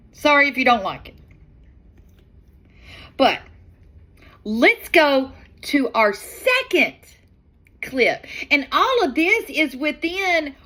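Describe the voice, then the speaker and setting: A middle-aged woman talks through video clips in an unhurried, drawn-out way, sounding exasperated as she questions what she has just shown. Her voice sits fairly high, and she lets her words stretch out slowly. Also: pushed and bright. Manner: slow, drawn-out, chatty and exasperated. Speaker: commentary channel host. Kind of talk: casual commentary on video clips.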